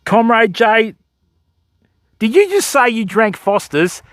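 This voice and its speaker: A man's voice: very high voice, big pitch swings, takes it slowly, a bit bright, no room sound. A Western Australian man hosting a fishing livestream outdoors, bantering and joking with his chat. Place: outdoors by a river shore.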